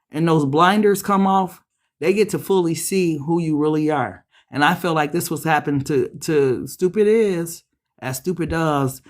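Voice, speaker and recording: A woman giving a casual tarot reading, talking straight to viewers in a blunt, profane way that jumps into high, excited bursts. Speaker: tarot reader.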